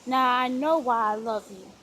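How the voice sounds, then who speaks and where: A woman reading aloud, voicing a lovestruck gentleman husband in a soft, murmuring, lowered voice for a storybook. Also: normal speed, a little hiss or hum, poor audio. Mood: tender.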